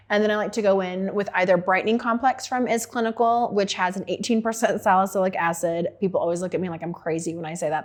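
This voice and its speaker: A woman's voice: medium pitch, fairly even intonation, quick pace, hardly any pauses, darkish tone. A middle-aged woman, an esthetician, talking casually and frankly about her skincare routine, with plenty of fillers. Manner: chatty and frank, with lots of fillers.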